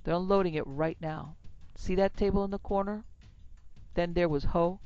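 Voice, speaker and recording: A man's voice: high-pitched, fairly even intonation, moderate pace, darkish tone, clean tone, lo-fi sound. A man voicing a hearty big saloon keeper. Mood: genial. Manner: hearty, coaxing frontier talk. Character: big prosperous saloon owner, genial and pushy.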